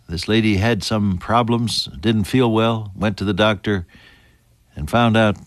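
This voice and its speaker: A man preaching a sermon in an earnest way, rising high for emphasis and dropping soft and low. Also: no room sound, studio quality.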